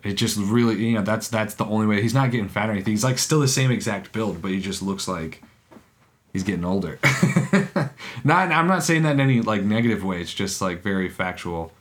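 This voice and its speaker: A man co-hosting a podcast in casual chat, rambling and halting, often breaking into laughs. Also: fairly low pitch, animated. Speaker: podcast co-host.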